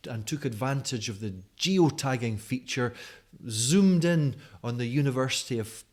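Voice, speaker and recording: A man's voice: mid-range voice, moderate pace. A man in his forties from Scotland with a mild Scottish accent, giving a friendly, chatty conference talk to a camera at home at night, with many fillers. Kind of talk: recorded video talk to camera. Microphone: camera in front of him.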